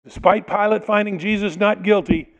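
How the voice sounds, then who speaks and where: A man's voice: high-pitched, fairly even intonation, moderate pace, lo-fi sound. A male pastor preaching a sermon, reading a passage aloud and explaining it, sometimes acting out the people in it. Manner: expository preaching, reads scripture then explains it, dramatizes quotes.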